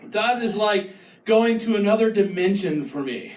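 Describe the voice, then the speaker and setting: A man doing a stand-up comedy set, ranting and mocking, breaking into shouted impressions. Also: high-pitched, lively intonation, normal speed, echoey room, distant mic. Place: live comedy venue with an audience.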